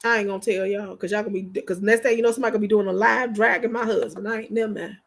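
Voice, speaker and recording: A woman chatting casually on a livestream, telling animated stories to her viewers in slangy, informal speech. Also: medium pitch, very fast, gravelly. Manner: animated, chatty storyteller addressing viewers directly. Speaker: livestream host.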